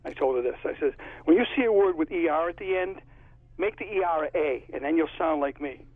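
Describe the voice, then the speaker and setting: Over a tinny phone line, a Connecticut-accented author rambles through stories during a casual interview. His husky voice is fairly high, animated, and fairly quick, with no room sound.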